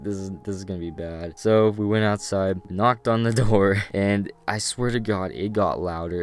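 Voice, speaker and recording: A young man, a vlogger, casually telling a story to camera, animated, swearing freely and laughing often. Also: lowish voice.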